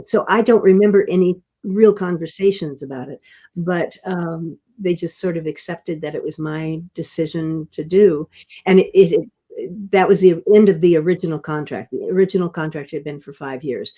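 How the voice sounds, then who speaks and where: An older actress telling stories in an interview, gentle and self-deprecating, often restarting and laughing softly. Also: female voice, low-pitched. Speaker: guest actress. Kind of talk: casual interview storytelling.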